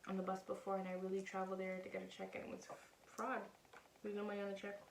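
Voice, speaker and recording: A woman's voice: mid-range voice, completely flat delivery, racing, gravelly, recorded from a distance. Young woman, casual storytime vlog, roomy echo, set back from the mic, noisy background. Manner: candid, chatty, acts out other people's lines. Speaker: vlogger.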